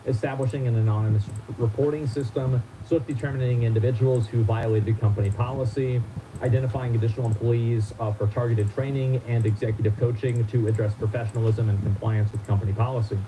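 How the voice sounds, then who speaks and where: A man reads a formal letter aloud on a stream. He keeps stopping for halting, disbelieving comments. There is clear noise under his voice. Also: mid-range voice, fairly even intonation. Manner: halting, incredulous asides. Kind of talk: reading a statement aloud with commentary.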